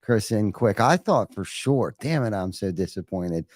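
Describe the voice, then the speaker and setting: Joking bro-talk podcast host. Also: male voice, lowish voice, lively intonation, unhurried, darkish tone, dry recording, studio quality. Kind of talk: casual live show hosting.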